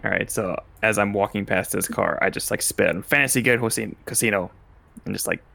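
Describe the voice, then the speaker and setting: Man, tabletop player, very gravelly, fast-talking, offhand. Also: low voice, steady tone, a bit bright. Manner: quick, offhand, with many fillers. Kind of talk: casual tabletop play.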